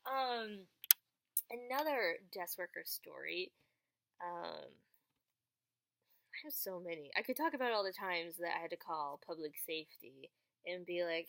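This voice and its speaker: A young woman chatting casually to the camera as she answers viewers' questions, acting out quoted lines with sudden high jumps in her voice. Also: lively intonation, normal speed, gravelly, fairly bright tone, no room sound. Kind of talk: casual storytelling vlog.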